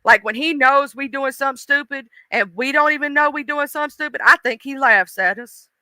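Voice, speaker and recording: A woman's voice: sits high, fairly quick, sharp tone, no room sound, poor audio. A woman hosting a casual live stream, chatting and laughing, greeting viewers by name.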